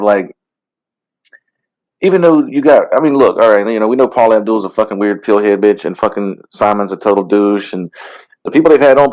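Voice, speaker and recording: A man's voice: on the low side, poor audio. A man co-hosting a casual comedy podcast, ranting with lots of profanity and mocking impressions. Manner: profane, animated, mocking voices. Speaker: podcast co-host.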